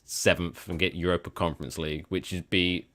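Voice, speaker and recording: A man's voice: deep voice, little pitch movement, a little fast, a bit bright. A man co-hosting a podcast in casual chat, upbeat and teasing his co-host.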